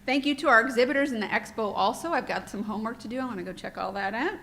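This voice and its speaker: A woman's voice: fairly high pitch, very fast, background noise. A woman giving welcome remarks at a conference, heartfelt and a little off-script, speaking into a microphone in a hotel meeting room. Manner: warm, heartfelt, a bit off-script and emotional.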